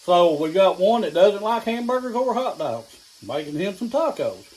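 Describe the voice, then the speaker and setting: In his home kitchen, with food sizzling in a skillet, a middle-aged East Tennessee man hosts a casual, folksy, down-home cooking vlog and sometimes talks while eating. His voice is high-pitched and sing-song at a moderate pace, with a darkish tone on a rough recording.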